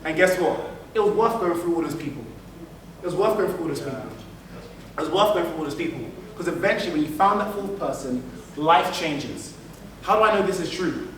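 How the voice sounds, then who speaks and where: A man giving an animated motivational business keynote, repeating phrases for emphasis. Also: a little high, fairly quick. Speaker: keynote speaker. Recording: echoey hall, mic from far off, faint noise.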